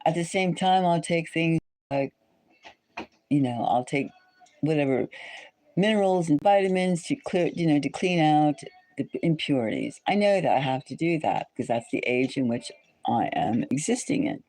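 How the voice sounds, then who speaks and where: A woman's voice: low voice, moderate pace. Rambly woman on a live stream, says stuff again and again, voice goes all over the place. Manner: rambling, repeats phrases, animated. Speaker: live stream host chatting with viewers. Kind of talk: casual live-stream chat.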